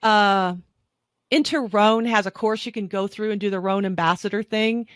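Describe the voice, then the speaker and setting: An enthusiastic woman explains wine as a podcast guest, in a mid-pitched voice. She is chatty and restarts her sentences often. The sound is dry and close. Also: normal speed, smooth, dry recording.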